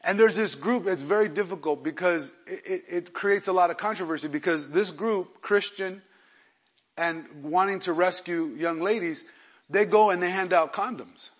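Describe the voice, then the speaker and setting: A man pastor preaching a sermon with animated swings between loud emphasis and quiet asides, acting out quotes. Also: sits high, moderate pace, husky.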